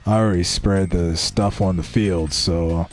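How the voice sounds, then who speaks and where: A man voicing a blunt young male farmer with a gruff drawl, for a game playthrough. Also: low-pitched, steady tone, measured pace. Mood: easygoing.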